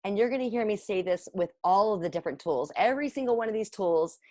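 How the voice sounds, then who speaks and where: A woman's voice: mid-range voice, expressive, fast, warm tone, no echo, studio quality. A woman in her forties, a parent coach, giving an earnest, encouraging workshop presentation with slides. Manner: earnest, encouraging, repeats for emphasis.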